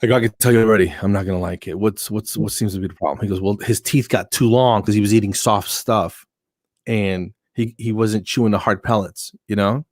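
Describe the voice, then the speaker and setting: A man's voice: lowish voice, fairly quick, no echo, studio quality. A man from New Jersey, a comedian guest, telling funny stories in casual chat and acting out what people said. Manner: animated anecdotes with acted-out quotes.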